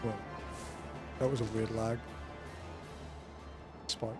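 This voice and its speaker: A man's voice: on the low side, little pitch movement, takes it slowly, over loud music. Laid-back swearing male game streamer. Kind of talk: casual gaming commentary.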